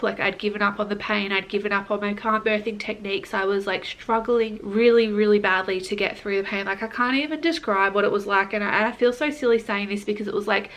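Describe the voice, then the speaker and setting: A woman's voice: medium pitch, a bit bright. A young woman talks straight to the camera in a casual vlog. She tells her story in an earnest, rambling way, with plenty of likes and false starts. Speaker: vlogger.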